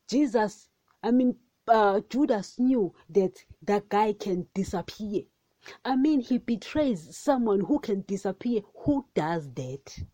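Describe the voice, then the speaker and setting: A woman hosting a devotional podcast, talking casually and excitably, often addressing listeners as guys. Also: medium pitch, no echo. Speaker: podcast host.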